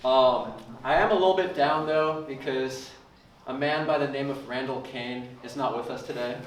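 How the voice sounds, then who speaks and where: A man's voice: mid-range voice, fairly even intonation, moderate pace. A young man doing a chatty, hesitant stand-up bit at an open mic. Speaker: stand-up comedian. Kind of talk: stand-up comedy set. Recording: echoey room, distant mic, faint hiss.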